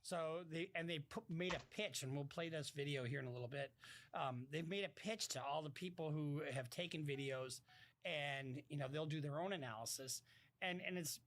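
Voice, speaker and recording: A man with a somewhat high voice doing casual live-stream commentary, reacting to viewer messages as they come in. He talks bluntly, curses freely, and his sentences keep breaking off and starting over. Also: normal speed, fairly bright tone, slight background noise. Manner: blunt, swears freely, talks in fits and restarts.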